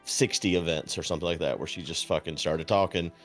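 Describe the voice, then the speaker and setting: A low-voiced man chats on his stream and tells a long story in a dry, deadpan way with plenty of swearing. He acts out the voices of the people in it. Soft music plays faintly behind him. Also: fast talker. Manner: profane, deadpan. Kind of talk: casual chat.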